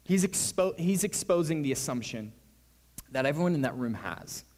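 A young man preaching a sermon, telling a story with bursts of excitement and hushed, quiet stretches. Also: a little high, normal speed. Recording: long reverb of a large hall.

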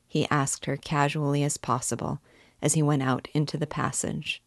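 A woman teacher narrating a classic novel as an audiobook, in a measured, clear manner. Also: sits low, flat delivery, no echo, studio quality. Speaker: literature teacher and reader.

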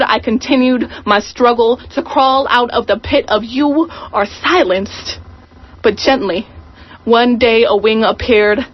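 Higher-voiced woman reading a poem slowly. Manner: slow, deliberate, introspective. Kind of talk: poetry reading. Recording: muffled radio broadcast.

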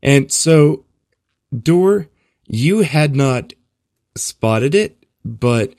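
A man running a tabletop role-playing game as game master, relaxed and full of fillers. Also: mid-range voice, very slow, no echo, studio quality.

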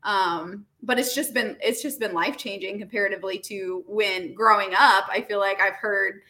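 A woman's voice: mid-range voice, normal speed. A woman talking earnestly in a casual conversation, with lots of "like" and "you know". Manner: earnest, animated, many fillers.

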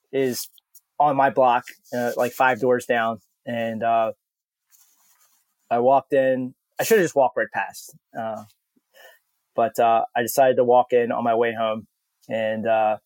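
A man's voice: medium pitch, dry recording. Podcast guest, a man with a mid-range voice, loose and profane storytelling, dry booth sound. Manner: rambling and profane, with many fillers and laughs. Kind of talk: casual storytelling.

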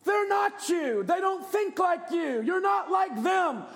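Male preacher, fervent shouted sermon, very high pitch, gravelly fry. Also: expressive, slow, some chatter behind.

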